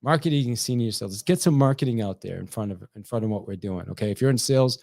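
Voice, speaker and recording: A middle-aged man, a sales trainer, talking to camera in an energetic, chatty way, often repeating words and tossing in "right?" as he goes. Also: fairly low pitch, very fast, gravelly, no room sound, studio quality.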